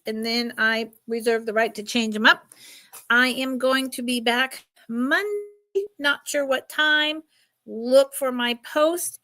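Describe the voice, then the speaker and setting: A woman's voice: a little high, sharp tone. A middle-aged woman hosting a casual live jewelry sale, chatty and emotional, often laughing. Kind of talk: casual live stream selling.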